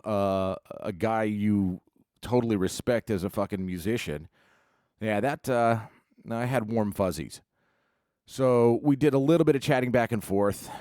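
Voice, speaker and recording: A man's voice: on the low side, darkish tone, no echo, clean studio sound. A man vlogging, telling a rambling story in a casual, profane, laid-back way. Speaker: musician.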